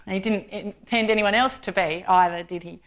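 A woman's voice: medium pitch, a little fast. A woman preaching a sermon in a conversational way, often asking rhetorical tag questions.

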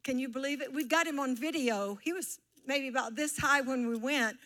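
Middle-aged lady pastor preaching, high voice, asks the crowd to answer back. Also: normal speed. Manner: warm teaching tone with audience call-and-response. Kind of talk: sermon.

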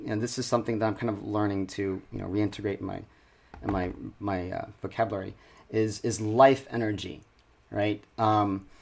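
A man of ordinary middle pitch, co-hosting a relaxed conversation podcast. He thinks aloud, stops and restarts his sentences, and circles back while he looks for the right word. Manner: halting, searching for words with many restarts. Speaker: podcast co-host. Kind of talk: casual conversation.

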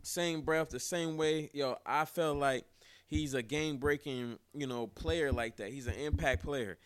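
A young man hosting his own sports podcast, talking casually and excitedly, cursing often and tossing in "man" and "yo" again and again. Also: fairly high pitch, unhurried, clear, resonant tone, dry recording. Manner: excitable, animated, swears freely, repeats "man" and "yo". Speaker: podcast host.

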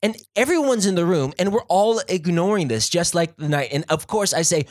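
A young man with a fairly high, very expressive voice tells a story casually, breaking off to apologise and poke fun at himself. His voice is recorded close and dry, with no echo. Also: fairly quick. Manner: chatty, self-deprecating, apologetic asides. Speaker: co-host.

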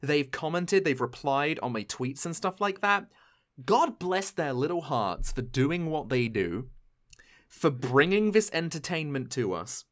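A British man chatting casually as a podcast co-host, animated and theatrical with frequent swearing. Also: a little high, measured pace, dull audio. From Britain. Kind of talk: casual chat.

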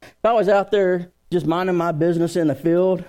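A man's voice: sits high, brisk. A man preaching a sermon in church as pastor, joking with the crowd and telling family stories before turning to scripture. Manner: joking, storytelling, lively crowd work.

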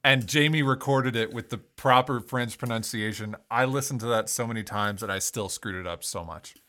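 A man's voice: medium pitch, normal speed, sharp tone. A man hosting a casual podcast chat, laughing and joking with his co-hosts. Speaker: podcast host.

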